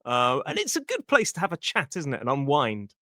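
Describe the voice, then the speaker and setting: A man's voice: mid-range voice, wildly swooping pitch, fairly quick, pushed and bright, dry recording, studio quality. A British man hosting a casual podcast, explaining vocabulary for English learners in a friendly way. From Britain. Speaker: podcast host and English teacher.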